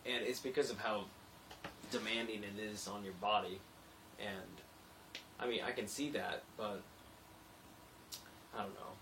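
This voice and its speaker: Rambling young man, low voice. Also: fairly even intonation, unhurried, pauses often, distant mic, noisy background. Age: young adult. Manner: rambling and chatty, laughs easily. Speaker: construction worker. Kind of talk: casual late-night video diary.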